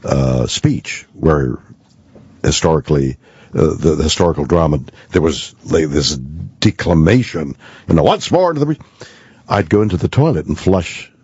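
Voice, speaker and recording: A man with a very low, slightly husky voice recounts a story as a guest on talk radio. He takes his time, pausing and filling gaps as he goes. The audio is dry and a little dull. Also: a little mellow, no echo. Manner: deliberate storyteller with many pauses and fillers. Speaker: guest actor. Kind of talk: radio talk-show anecdote.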